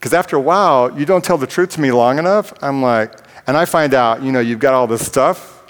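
A man's voice: mid-range voice, a little fast. Candid male preacher in a reverberant hall. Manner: candid, self-deprecating, plain-spoken. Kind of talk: conversational sermon with personal stories.

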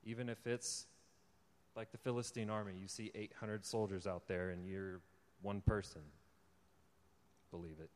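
A young man with a fairly low voice preaches to a crowd in a large hall, and long reverb trails after his words. He tells his story in a relaxed, chatty way and laughs often. Then he pushes into earnest, fervent exhortation. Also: moderate pace. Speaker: lay preacher giving a testimony. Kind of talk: informal sermon testimony.

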